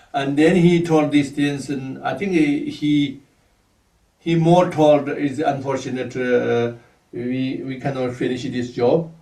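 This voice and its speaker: A man whose first language is Tibetan, giving a Buddhist teaching in halting English and often stopping to search for words. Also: medium pitch, a little mellow, reverberant, recorded from a distance. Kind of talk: dharma teaching.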